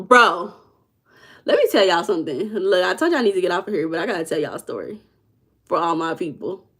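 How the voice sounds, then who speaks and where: A young woman coach chatting casually with viewers, telling stories and calling them y'all. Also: on the low side. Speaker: manifestation coach answering viewers live. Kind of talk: casual livestream chat.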